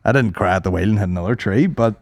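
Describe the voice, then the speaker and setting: A man's voice: on the low side, fast, darkish tone, no room sound, studio quality. A man co-hosting a podcast, joking and swearing in casual banter. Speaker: podcast co-host.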